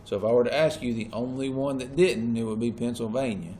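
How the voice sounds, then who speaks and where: A man lectures a classroom in an easygoing, conversational way. He keeps pausing to check whether his students are keeping up. A faint hiss sits under his voice. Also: medium pitch, a little mellow. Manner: checks in often with students, casual Southern-style phrasing. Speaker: teacher.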